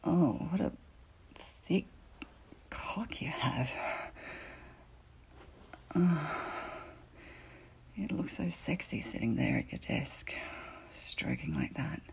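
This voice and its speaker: A woman voicing a teasing, commanding female teacher in an audio role-play, often dropping into soft whispers. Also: low-pitched, expressive, slow, creaky, pauses often, husky, heavily acted. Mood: seductive.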